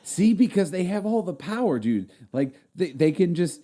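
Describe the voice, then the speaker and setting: This man co-hosts a casual podcast chat, rambling in a relaxed style loaded with fillers. His voice sits high with a dark tone, very animated, at a normal speed.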